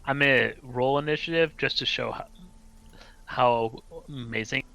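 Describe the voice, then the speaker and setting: A man's voice: medium pitch, a little fast, vocal fry, sharp tone, low-quality recording. A man playing in a tabletop game, earnest and careful to check details. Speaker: player. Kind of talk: casual tabletop play.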